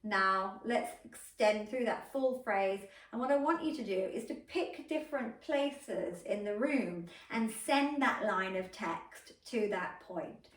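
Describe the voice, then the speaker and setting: A woman voice coach calmly guiding a vocal warm-up, giving encouraging instructions and demonstrating exercises. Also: medium pitch, slow pace, hardly any pauses, distant mic. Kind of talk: guided vocal warm-up lesson. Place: indoor room. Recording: echoey room, voice a bit off-mic.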